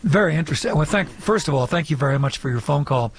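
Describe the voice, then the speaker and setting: A man hosting a call-in radio show, reading out the phone number and taking callers in a brisk, announcer-like way. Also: on the high side, animated, slightly rough.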